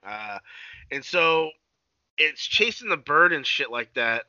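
A man's voice: fairly high pitch, big pitch swings, slow pace, pushed and bright, no room sound. A man in casual podcast chat, recapping a cartoon episode in a profane, rambling way full of filler sounds. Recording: dull lo-fi recording.

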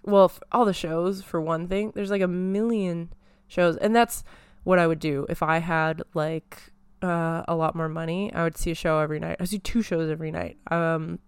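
A woman's voice: lowish voice, darkish tone, clean tone, no echo. A young woman hosting a solo podcast from her apartment, chatting casually and rambling with lots of fillers. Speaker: podcast host.

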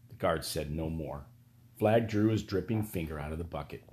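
A man narrating an audiobook in a steady, even storytelling manner. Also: rumbling low, moderate pace.

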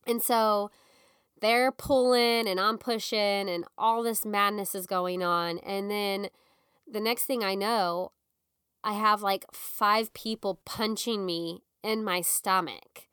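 A young woman tells a personal story in a relaxed, conversational way, jumping into little acted-out quotes and scattering "like" through her sentences. Her voice is smooth and clear, recorded close and dry with no room around it. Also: medium pitch, slow pace, no room sound. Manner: animated, acts out quotes, frequent "like". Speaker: guest telling her birth story.

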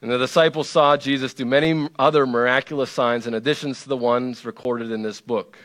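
A man's voice: medium pitch, steady tone, a little fast, a bit bright. A man preaching a sermon in a conversational, playful way, driving points home with emphatic repetition. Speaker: pastor.

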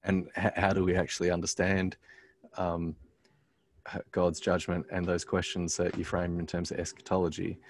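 A man, a pastor telling a story as a guest in a casual conversation, halting often with "um" and restarting his sentences. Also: low-pitched, completely flat delivery, no echo.

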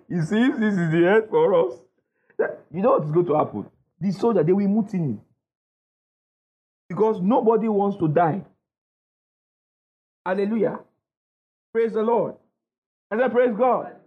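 Pausing often at a normal pace, a high-pitched male preacher leads his congregation in emphatic call-and-response, prompting them with "what?" to complete his lines. The recording has a dull, lo-fi quality.

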